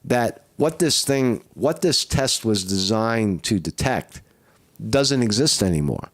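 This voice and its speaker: A man with a fairly low voice and a rough, flu-sick throat, talking casually to his viewers. He rambles, swears freely and keeps asking "right?". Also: animated, slow. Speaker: vlogger. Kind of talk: casual live-stream monologue.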